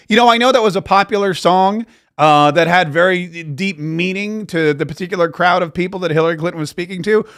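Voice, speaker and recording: A male talk radio host with a voice a little higher than most men's. He delivers opinionated political commentary in a sarcastic, mocking tone. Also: fairly bright tone. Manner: sarcastic, mocking asides with laughs.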